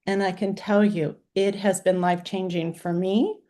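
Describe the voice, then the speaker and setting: A woman's voice: medium pitch, fairly even intonation, moderate pace, warm tone. A woman in her sixties, a life coach, giving an earnest, emotional talk in list-like phrases. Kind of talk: heartfelt talk.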